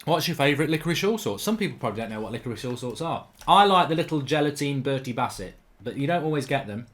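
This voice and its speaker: A man commentating on his own football video game in a chatty, rambling way, erupting into loud shouts when a goal goes in. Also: mid-range voice, quick pace. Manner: excitable, bursts into loud shouting over goals. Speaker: gaming commentator.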